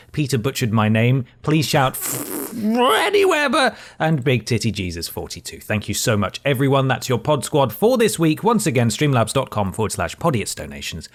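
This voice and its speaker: A man co-hosting a comedy podcast, giving plugs and reading donor names in a dry, brisk way. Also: mid-range voice. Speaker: podcast co-host. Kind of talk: casual podcast banter.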